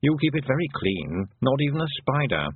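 A man voicing a gloomy, cautious male toad who speaks slowly and hesitantly. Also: mid-range voice, sing-song, husky, dry recording, pitched above the performer's own voice. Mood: mournful. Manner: slow, hesitant, with ums. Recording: dry, phone-like narrow sound.

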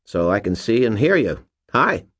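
A man's voice: on the low side, very animated, normal speed, fairly bright tone, voice pushed up. A man voicing a skinny nerdy young man who talks earnestly and eagerly.

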